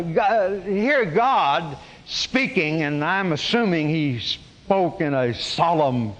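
A man's voice: fairly high pitch, big-room sound, dull audio. A man preaching a sermon, telling the story conversationally with wry humor and frequent restarts. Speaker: pastor.

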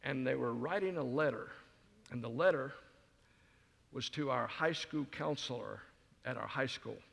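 A man's voice: medium pitch, measured pace, gravelly, fairly bright tone. An older man speaking as a guest preacher, telling folksy stories with self-mocking humor in a sermon. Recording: reverberant hall.

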